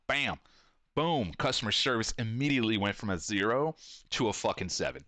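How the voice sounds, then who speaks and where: A man's voice: lowish voice, lively intonation, brisk, pushed and bright, no echo. A man in his thirties talking casually, rambling, swearing a lot and acting out quotes as he tells stories. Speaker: podcast host and shop owner. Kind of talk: casual profane monologue.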